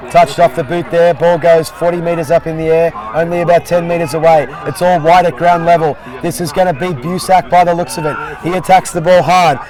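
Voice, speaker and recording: Excitable commentator with crowd behind. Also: male voice, on the high side, low-quality recording. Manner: jokey, excitable, repeats "I'll tell you what". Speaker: play-by-play commentator. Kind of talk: sports commentary. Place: outdoor sports field.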